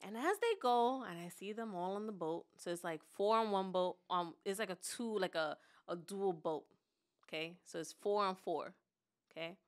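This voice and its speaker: A woman's voice: mid-range voice, normal speed, smooth. A woman co-hosting a podcast, telling a story dramatically, acting out other people's voices and laughing as she goes. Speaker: podcast co-host. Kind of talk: animated storytelling chat.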